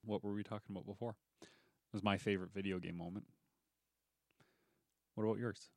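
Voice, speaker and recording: Young male podcast co-host, low gravelly voice, loose joking delivery. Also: steady tone, fairly quick, a little mellow, dry recording, clean studio sound. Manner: joking, laughing, rambling. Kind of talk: casual chat.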